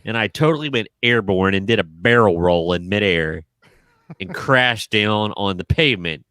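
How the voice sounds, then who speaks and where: A podcast co-host with a lowish voice speaks at a moderate pace in a dry, studio-quality recording. Chatting casually, he tells animated stories and laughs often.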